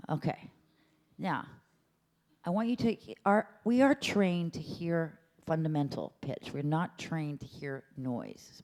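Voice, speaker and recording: With a fairly low, slightly mellow voice, a female voice teacher leads a playful, chatty workshop in a lecture room at a symposium. She instructs by demonstrating sounds, including meows and hums.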